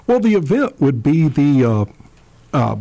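A man hosting a radio history program, asking questions in a measured, halting way. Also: fairly high pitch, sing-song, mellow. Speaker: radio show host. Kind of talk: radio interview.

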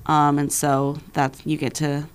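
Bubbly woman with a lowish voice. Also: a little slow, clear, resonant tone. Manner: bubbly, laughs often, quotes people in lively voices. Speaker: nonprofit event organizer guest. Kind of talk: casual chat.

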